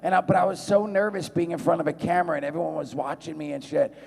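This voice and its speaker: Profane storyteller in a big hall. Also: male voice, on the high side, fast, gravelly, slightly rough. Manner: profane, rambling, animated voices in quotes. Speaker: convention panel guest. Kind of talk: storytelling to a live audience. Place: large convention hall. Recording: long hall reverb.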